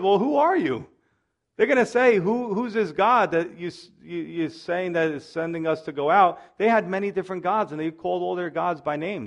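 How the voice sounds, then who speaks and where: Preaching man with a fairly high voice. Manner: preaching with sudden loud rises and soft drops; repeats "listen" and "you see" to the congregation. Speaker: pastor. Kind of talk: sermon.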